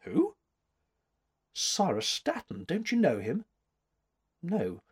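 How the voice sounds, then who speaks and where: A man's voice: a little high, wildly swooping pitch, slow, slightly rough, pitched above the performer's own voice, exaggerated voice. A man reading aloud, voicing a flustered young woman with a light, plaintive delivery.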